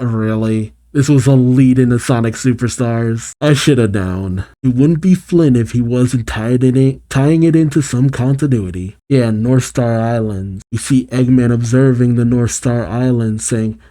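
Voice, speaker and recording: Very mellow-voiced comic reaction host. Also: male voice, mid-range voice. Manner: casual, chuckling asides. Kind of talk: reading a comic aloud with reactions.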